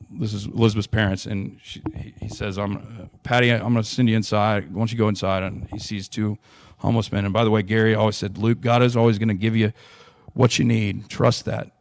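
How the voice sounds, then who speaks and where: A man's voice: lowish voice, gravelly, no echo. A young adult man, earnestly telling a long personal story in a podcast interview, with frequent restarts. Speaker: interview guest.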